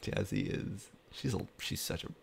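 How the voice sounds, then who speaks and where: Deep-voiced man rambling and laughing. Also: fairly even intonation, moderate pace, vocal fry, crowd noise. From Arizona. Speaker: interviewer. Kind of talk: casual chat.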